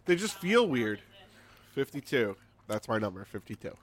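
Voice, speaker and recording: A man's voice: mid-range voice, big pitch swings, measured pace. A man co-hosting a podcast, chatting casually and groaning and complaining about feeling full. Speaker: podcast co-host. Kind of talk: casual chat.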